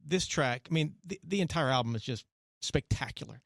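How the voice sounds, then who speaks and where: Fast-talking radio host, dry studio sound. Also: male voice, a little high, lively intonation, fairly bright tone, no room sound. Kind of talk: casual interview chat.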